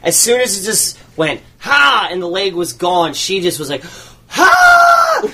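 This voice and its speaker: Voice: mid-range voice, normal speed. A speaker in casual chat, telling a laid-back anecdote.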